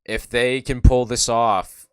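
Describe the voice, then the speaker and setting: A man with a sore throat streaming live play-by-play and reaction, excitable and nervous, swinging from loud cheering to quiet muttering. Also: mid-range voice, takes it slowly, clean tone, no room sound, clean studio sound.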